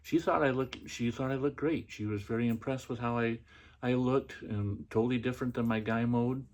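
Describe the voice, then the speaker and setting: A man's voice: mid-range voice, steady tone, moderate pace, darkish tone. A middle-aged man hosting a podcast, telling a personal story in a casual, chatty way with many fillers and restarts. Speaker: podcast host.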